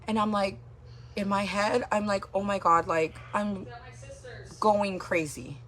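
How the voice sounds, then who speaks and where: A woman's voice: medium pitch, steady tone, takes it slowly, a bit bright. A woman hosting a livestream, telling a personal story in a casual, rambling way full of filler words.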